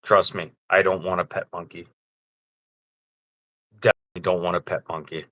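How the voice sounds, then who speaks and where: A man's voice: low-pitched, little pitch movement, normal speed, fairly bright tone, no echo, rough recording. A man hosting a live stream, ranting in a crude, profane, exasperated way.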